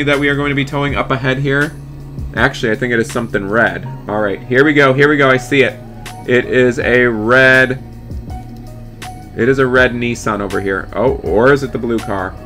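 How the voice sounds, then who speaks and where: A man's voice: mid-range voice, moderate pace, fairly bright tone, faint music behind. A man hosting a gaming channel, narrating role-play gameplay step by step and chatting to in-game characters. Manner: eager, narrates each move and chats to in-game characters.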